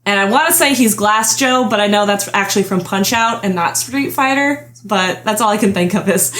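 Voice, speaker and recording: A woman's voice: mid-range voice, normal speed, hardly any pauses, a bit bright. A young adult woman hosting a casual podcast chat, chatty and giggling often as she trails off and restarts her thoughts. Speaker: podcast host.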